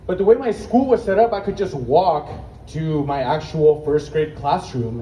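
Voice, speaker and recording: Young man, stand-up comic, brash and profane, slightly breathless, higher voice, distant echoey recording with faint background noise. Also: moderate pace, dark tone. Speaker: stand-up comedian at open mic. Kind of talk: stand-up storytelling. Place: open mic stage at an outdoor market.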